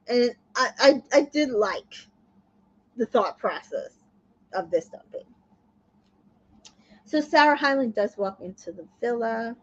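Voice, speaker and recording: Woman, casual recap host, chatty, high-ish voice, dull lo-fi sound. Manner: chatty, with fillers and laughs.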